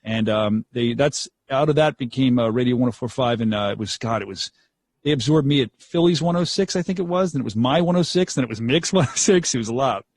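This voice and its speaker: A slightly rough, mid-range male voice moves a little fast, recorded without echo. He's a young radio DJ telling stories as an interview guest, animated throughout, acting out quotes and breaking into laughter often.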